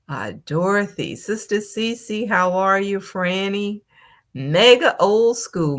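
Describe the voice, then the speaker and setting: Female live-stream host, measured and slow, slightly low register, casual chat. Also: a bit bright. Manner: slow, drawn-out greetings, reading names one by one. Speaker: channel host.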